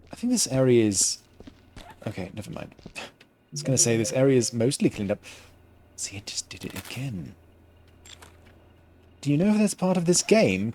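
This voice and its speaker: Man, game streamer, headset mic, casual commentary, halting with pauses for words, animated pitch. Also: a little hiss or hum. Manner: halting, pauses often to find the next word. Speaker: gaming streamer.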